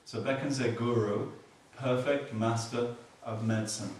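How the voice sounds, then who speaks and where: A man giving a Buddhist teaching, explaining slowly and repeating key words, with dry humor. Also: mid-range voice, steady tone, darkish tone, a little hiss or hum. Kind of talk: dharma teaching. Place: meditation hall. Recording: echoey hall from far off.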